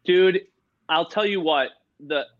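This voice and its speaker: An excitable man tells long, rambling stories as an interview guest, packing his talk with "like" and "you know". His voice sits a bit high for a man. The recording sounds slightly dull and lo-fi. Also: takes it slowly. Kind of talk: casual storytelling.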